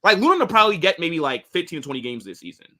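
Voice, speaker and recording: Talking very fast in a slightly high, sing-song voice that is bright and forceful, a young American football channel host goes through viewer comments on his casual live stream, answering in slang full of "bro" and "like."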